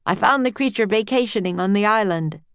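A woman's voice: mid-range voice, lively intonation, a little fast, a bit bright, clean tone, dry recording, pitched above the performer's own voice. A woman voicing Henry, a polite, earnest young male sailor.

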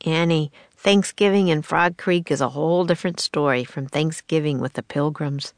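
A woman's voice: low voice, normal speed, no room sound, close to an everyday voice. A woman reading an audiobook, voicing a cautious, sensible young boy who worries and grumbles. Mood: grumbling. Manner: anxious, earnest, slightly grumbling. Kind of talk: audiobook character voice.

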